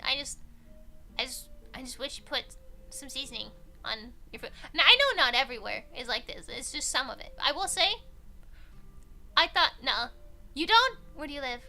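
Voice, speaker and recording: Woman, streamer, high voice, very bright tone, chatty, rambling. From not from England. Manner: rambling, chatty, quick to laugh. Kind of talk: casual stream chat.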